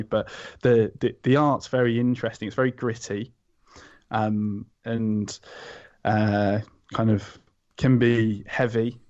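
A man's voice: on the low side, a little mellow. A man, a podcast guest, recommending a comic in casual chat, hesitant with many ums and restarts. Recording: slightly dull lo-fi sound.

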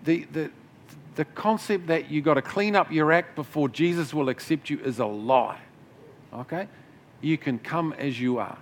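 A man's voice: fairly high pitch, moderate pace, slight background noise. Conversational male preacher. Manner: conversational preaching with asides and restarts. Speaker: pastor. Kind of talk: sermon.

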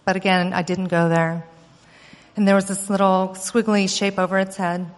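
Woman, a mother, earnest animated storyteller, middle pitch, recorded with long reverb. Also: normal speed. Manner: earnest, animated telling with quoted dialogue. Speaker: mother recounting an experience. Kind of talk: personal storytelling.

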